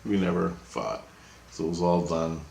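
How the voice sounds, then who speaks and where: A man rambling through a personal story, acting out the voices in his tale with a lifted pitch. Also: expressive, moderate pace, creaky, a little mellow. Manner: acts out quoted dialogue with a raised voice; loose, meandering, with frequent restarts. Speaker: vlogger recounting dreams. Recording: roomy, echoey room.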